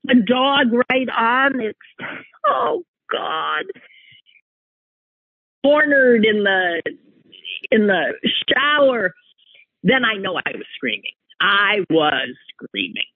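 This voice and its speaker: A man telling a personal anecdote in an animated, exclaiming way, breaking off and restarting mid-sentence. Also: high-pitched, takes it slowly, dry recording. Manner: animated, exclaiming, self-interrupting. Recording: tinny phone-like line, dry.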